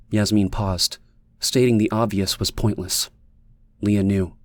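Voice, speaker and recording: A man's voice: lowish voice, steady tone, a little slow, no room sound. Man narrating an audiobook, dry sound. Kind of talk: scripted narration.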